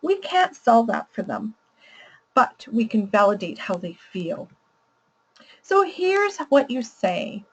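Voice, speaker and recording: A woman teaching parents with a lively, fairly high voice that rises and falls a lot. She explains patiently and laughs easily as she goes. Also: takes it slowly, husky, poor audio. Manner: warm, explanatory, laughs readily. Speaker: parenting educator. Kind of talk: teaching presentation.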